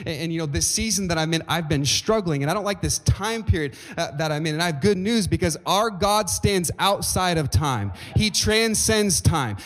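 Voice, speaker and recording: A male pastor preaches a sermon in a church sanctuary, his voice ringing with a long reverb off the hall. He sits a little higher than most men and rises to emphatic peaks. He keeps checking in with the congregation through questions.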